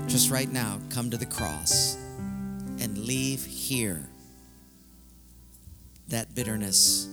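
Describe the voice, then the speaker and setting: A man preaching a sermon in a church sanctuary, telling stories in an earnest, heartfelt way. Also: mid-range voice. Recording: long hall reverb.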